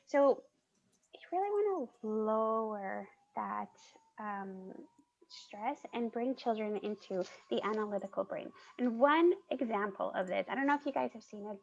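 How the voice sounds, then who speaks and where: Woman, museum consultant, lively explaining, creaky fry, dull call audio. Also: fairly high pitch. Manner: animated, laughs while explaining. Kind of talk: presenting on a panel. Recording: muffled video call audio.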